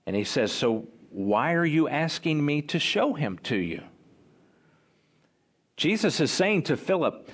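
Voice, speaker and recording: A man preaching a sermon, slow and emphatic, with dramatic pauses. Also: fairly high pitch, big pitch swings, breathy edge.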